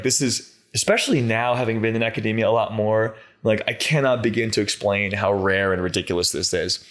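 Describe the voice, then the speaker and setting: A man in his thirties, a conservation scientist, casually telling an animated, rambling story in an interview and filling it with many filler words. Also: fairly low pitch.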